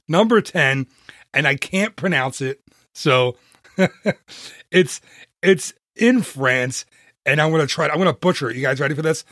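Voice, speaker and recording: Brief: male podcast host, slightly higher voice, friendly and self-mocking, dry close-mic sound. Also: a bit bright, no echo. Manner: chatty, self-deprecating, upbeat. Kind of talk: casual solo podcast talk.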